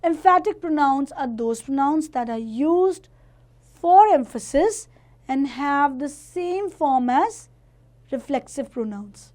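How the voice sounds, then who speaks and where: A woman teaching a grammar lesson to children, explaining each point slowly and carefully. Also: high-pitched, expressive, darkish tone.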